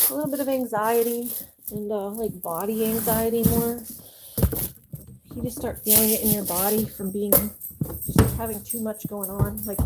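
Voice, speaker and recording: Young woman streamer, a bit higher voice, chatty and cooing at pets, constant hiss under the audio. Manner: chatty, coos to her pets. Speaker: livestreamer. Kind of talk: casual live stream chat.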